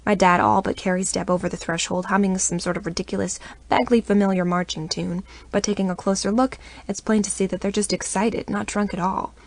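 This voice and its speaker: A woman narrating a first-person romance audiobook in an intimate, expressive reading voice. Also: medium pitch, a little fast, few pauses.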